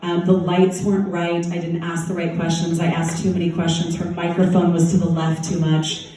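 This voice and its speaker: A chatty woman and former talk show host tells anecdotes at a festival Q&A, dropping "like" often. Her voice is mellow and soft-edged. It reaches a distant mic and echoes heavily around a large hall. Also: fairly low pitch, monotone, normal speed. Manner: chatty, laughing anecdotes, many likes. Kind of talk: festival Q&A storytelling.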